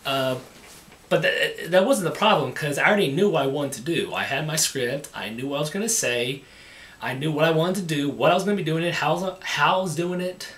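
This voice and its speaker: Man, hobby filmmaker, halting casual talk, repeats himself, echoey room. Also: a little high, a bit bright. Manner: halting, repeats words and restarts often. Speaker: amateur filmmaker. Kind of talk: casual behind-the-scenes talk. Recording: echoey room, mic at a distance.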